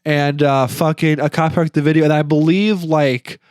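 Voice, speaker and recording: Young male co-host with a slightly high voice and a rambling, stammering delivery, recorded dry. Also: fairly even intonation, moderate pace, darkish tone, no room sound. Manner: rambling, stammering with many restarts. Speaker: podcast co-host. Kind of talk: casual chat.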